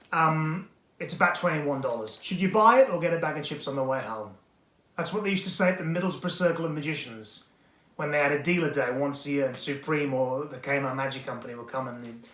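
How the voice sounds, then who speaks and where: A man's voice: fairly high pitch, fairly bright tone. A man hosting a weekly magic product review in a rambling, digressive, self-deprecating manner. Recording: echoey room.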